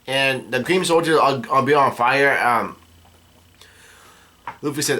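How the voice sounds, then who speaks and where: A man casually recapping a comic chapter, halting with many fillers and restarts. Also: medium pitch, sharp tone.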